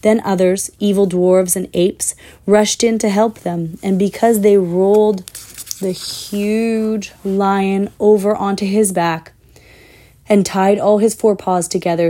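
A woman reading a children's fantasy book aloud in a measured, expressive way, with the odd slip. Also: medium pitch. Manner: measured, expressive, with small slips. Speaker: storyteller.

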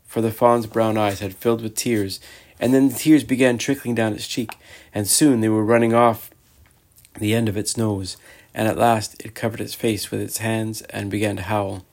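A man narrating a storybook in a measured, expressive way. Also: lowish voice. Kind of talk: storybook reading.

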